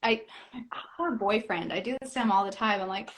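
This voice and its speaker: A young woman, an actress and comedian, chats as a guest in a lively live interview, speaking briskly in a mid-range voice. She's animated and laughs as she acts out little quoted voices.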